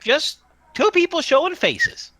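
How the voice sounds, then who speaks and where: A man's voice: big pitch swings, unhurried, bright, forceful tone, full character voice. A man putting on a small tinny voice. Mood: coaxing. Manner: high tinny pleading voice.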